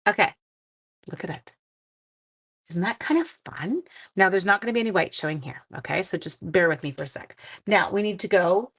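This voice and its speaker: A woman's voice: mid-range voice, poor audio. A middle-aged woman leading a live-streamed card-making demo, chatting casually and poking fun at herself as she works. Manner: chatty, self-deprecating, talks while working.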